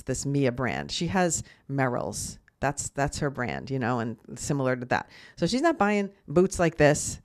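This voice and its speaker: A woman's voice: extremely low pitch, very animated, measured pace, hardly any pauses. A middle-aged woman hosting a casual solo podcast, telling a rambling story and often restarting and correcting herself. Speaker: podcast host.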